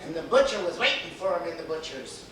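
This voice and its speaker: A woman's voice: on the low side, sing-song, quick pace, fairly bright tone. A woman telling a story playfully, often laughing, recorded far off in a noisy echoey room.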